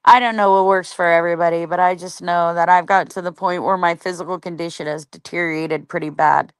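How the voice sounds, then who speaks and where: A woman's voice: lowish voice, steady tone, brisk, smooth, no echo, studio quality. A woman livestreaming and chatting casually with viewers, talking bluntly with a lot of swearing and rambling asides. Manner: greets viewers and reads the chat.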